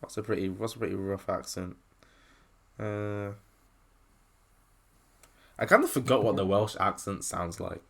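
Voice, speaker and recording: A man's voice: on the low side, unhurried, creaky, pauses often. Laughing young English guy. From England. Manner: laughs often, self-deprecating. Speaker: podcast co-host. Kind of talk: casual chat.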